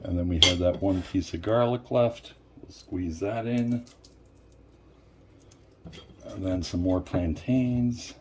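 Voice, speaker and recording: A man's voice: low-pitched, slow pace, long pauses, darkish tone, a little hiss or hum. A man from Puerto Rico hosting a home cooking video, chatting casually to viewers as he works in a kitchen. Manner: chatty, talks straight to viewers as "folks". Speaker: cooking show host. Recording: clear clatter of dishes and utensils.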